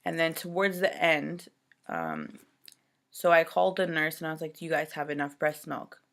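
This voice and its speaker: A woman's voice: low-pitched, animated, moderate pace, creaky, fairly bright tone. A woman from Canada, a new mother, rambling through an upsetting personal story in casual talk full of "like" and "you know". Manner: upset and exasperated retelling.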